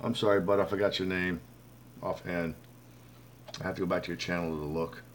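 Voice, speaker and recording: A man's voice: low voice, steady tone, brisk, slight background noise. A man hosting a casual live stream, chatting loosely with viewers, greeting them by name and calling them bud. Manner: rambling, reads viewer comments aloud; frequent fillers and restarts. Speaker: livestream host.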